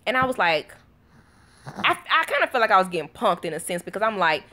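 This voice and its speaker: A woman vlogging from home in a loose, chatty storytelling voice, speaking straight to her viewers. She sounds worn out after a sleepless night, yet keeps talking in an easygoing, conversational way with a middling pitch. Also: sing-song, a little fast, bright, forceful tone. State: tired from little sleep. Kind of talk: casual chat to viewers.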